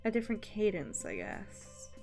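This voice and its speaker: A young woman chats casually on a drawing stream, rambling through her thoughts with plenty of ums and likes. She laughs often and swears without a second thought, her voice sitting at an ordinary middle pitch. Faint music plays quietly behind her. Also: wildly swooping pitch, moderate pace, creaky.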